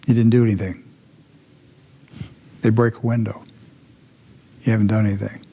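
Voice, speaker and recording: Dark husky man, dramatic commentator. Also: lowish voice, level tone, normal speed. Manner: dramatic storytelling, drops to intense whispers; repetitive, emphatic. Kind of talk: commentary talk show.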